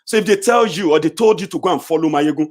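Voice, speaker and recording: A middle-aged Nigerian man with a Nigerian accent delivering a heated, confrontational political rant, swinging between shouts and low mutters. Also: quick pace. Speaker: political commentator.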